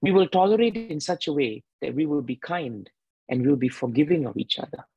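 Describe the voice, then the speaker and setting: Husky man giving an emphatic sermon. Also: fairly high pitch, lively intonation, fairly quick, no room sound, lo-fi sound. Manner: emphatic, repeats key phrases. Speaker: devotional speaker.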